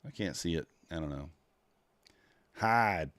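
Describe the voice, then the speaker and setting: This futures trader streams live, his low, deep voice animated yet slow as he chats loosely with his audience mid-trade. Rambling, he mutters to himself while poking around his software, and the close, dry sound carries no room.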